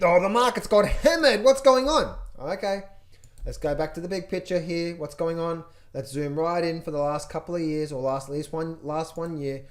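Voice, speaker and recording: A man's voice: on the high side, a little mellow. A man coaching traders through charts, talking to viewers with energy and lots of repetition, sometimes mimicking panicked traders. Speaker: trading coach. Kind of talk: chart walkthrough, direct to viewers.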